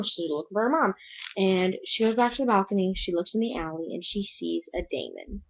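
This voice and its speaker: A woman's voice: a little high, lively intonation, brisk, lo-fi sound. Gushing young woman retelling a book. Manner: gushing, chatty retelling with many "like"s. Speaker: book reviewer. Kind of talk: casual book review vlog.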